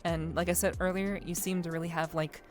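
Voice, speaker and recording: A woman's voice: lowish voice, level tone, a little fast, soft background music. A woman hosting a casual podcast chat, talking in an earnest, reflective way with many restarts. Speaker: podcast host.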